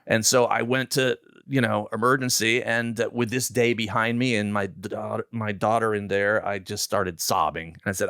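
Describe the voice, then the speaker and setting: A man's voice: lowish voice, moderate pace, creaky, hardly any pauses, no echo, clean studio sound. A man in his sixties, a film director guest, telling stories in an interview and acting out the lines people said. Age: 60s. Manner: animated storyteller who acts out quoted lines. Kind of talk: interview storytelling.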